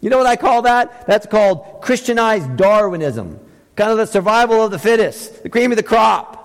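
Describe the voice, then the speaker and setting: A man preaching a sermon, asking his listeners questions and swinging between loud high emphasis and quiet low passages. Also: long reverb tail, rough recording. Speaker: pastor.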